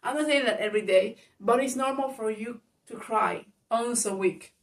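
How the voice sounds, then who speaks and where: A woman's voice: on the high side, moderate pace, far from the mic. A woman giving casual spoken advice to viewers, frank and chatty, laughing often, swearing and calling the listener baby. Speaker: advice vlogger.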